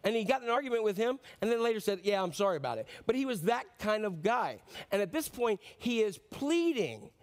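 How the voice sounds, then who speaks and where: A man preaching a sermon, earnest and pleading, swinging between loud emphasis and quiet low passages. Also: very animated, fairly quick, hardly any pauses. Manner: earnest, pleading, rises and drops sharply for emphasis. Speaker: pastor.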